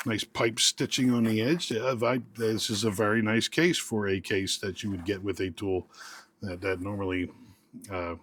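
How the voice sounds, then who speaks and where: A man's voice: lowish voice, steady tone, moderate pace, a bit bright, slight background noise. A man casually reviewing tools while unboxing them, rambling and joking with lots of restarts and fillers. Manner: rambling, jokey, self-interrupting. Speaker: tool reviewer.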